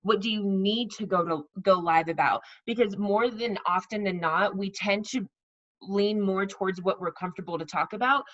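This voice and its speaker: A woman's voice: mid-range voice, moderate pace, fairly bright tone, muffled recording. A woman coaching her sales team in a casual, chatty way, repeating herself and acting out sample messages. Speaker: network marketing team leader.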